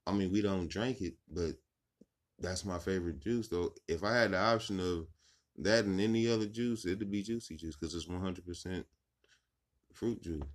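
Low-voiced, rambling, profane man. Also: moderate pace. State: tipsy. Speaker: podcast host. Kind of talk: casual late-night chat.

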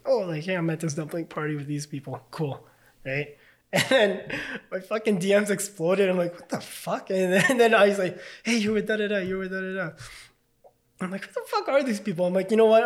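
A man casually telling a story as a podcast guest, loose and chatty, full of fillers and swearing. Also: fairly high pitch.

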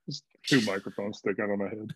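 A man's voice: on the low side, a little fast, breathy edge, no echo. A man playing a tabletop game in a laid-back, easygoing way. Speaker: player. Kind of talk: casual chat. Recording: dull lo-fi mic.

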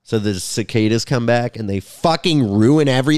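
A man's voice: mid-range voice, normal speed, a little mellow, smooth, dry recording. A comedian rambling crudely through a casual podcast monologue, recorded in his garage. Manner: rambling, crude, self-interrupting. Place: home garage.

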